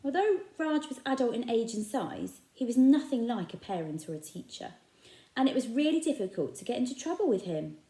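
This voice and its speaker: A woman's voice: on the high side, fairly quick. A woman reading a children's novel aloud, telling it with expression. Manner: expressive storytelling. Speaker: reader. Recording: echoey room.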